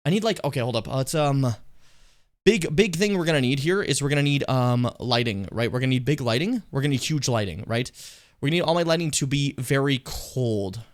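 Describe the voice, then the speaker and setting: A man's voice: medium pitch, expressive, brisk. A young adult man streaming, reacting to his old videos in a rambling, profane, self-mocking way.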